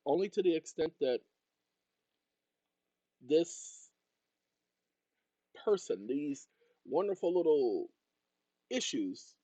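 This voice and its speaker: A man's voice: fairly low pitch, dark tone, dry recording, highs cut off. A man hosting his own channel, talking straight to viewers in a rambling monologue with jokey asides. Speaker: channel host and consultant.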